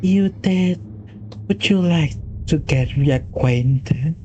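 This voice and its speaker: A man's voice: a little high, mellow, lo-fi sound, slight background noise. A man voicing a creepy unseen presence that claims to be a best friend, drawing out every word in a coaxing way. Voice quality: slow, drawn-out, coaxing.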